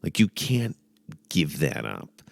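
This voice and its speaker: Comedy host, man, very deep gravelly voice, lively sarcastic delivery, dry close sound. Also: slow, no room sound. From United States. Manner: sarcastic, profane, animated, puts on mock accents. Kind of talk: rambling comedic advice.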